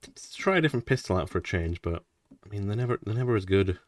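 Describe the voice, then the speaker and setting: A man's voice: on the low side, animated, fast talker, recorded from a distance. A man casually commenting on his playthrough as a gaming streamer, chatty with mumbled asides. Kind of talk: casual let's-play commentary.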